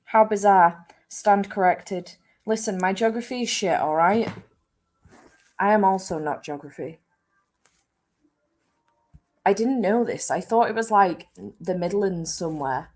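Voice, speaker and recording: A woman's voice: mid-range voice, unhurried, pauses often, a little mellow. A young woman, chatting casually with live viewers, swearing freely and poking fun at herself. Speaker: book channel host.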